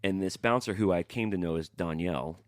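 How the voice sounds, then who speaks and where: A man's voice: sits low, a little fast, no room sound, clean studio sound. A man hosting a podcast, telling a long rambling story in casual chat and acting out the people in it, swearing freely. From not from New York. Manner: rambling animated storyteller, acts out quotes, swears. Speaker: podcast host.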